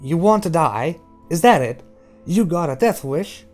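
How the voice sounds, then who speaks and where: A tense young male heroin addict with a blunt, menacing way of talking, read by a man. His voice is at a middle pitch and is pushed a little louder than the narration. Faint music plays behind him. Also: expressive, moderate pace, close to an everyday voice. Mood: angry. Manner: blunt, threatening.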